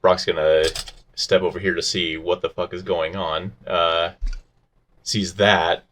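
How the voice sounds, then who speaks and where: A man's voice: low-pitched, little pitch movement, measured pace, a bit bright. A man playing a tabletop game who mutters in a bemused, exasperated way. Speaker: player.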